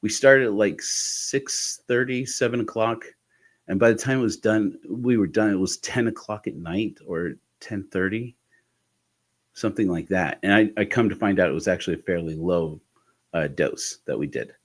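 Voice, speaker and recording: A man telling a reflective personal story in a candid, halting way, with restarts and soft laughs. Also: lowish voice. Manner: candid, intimate. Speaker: host of a personal podcast talk.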